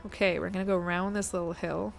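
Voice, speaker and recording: A woman's voice: fairly low pitch, fairly even intonation, fast talker, gravelly, soft background music. A woman, chatting casually to her viewers while playing a game on a live stream and thinking aloud. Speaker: guest streamer.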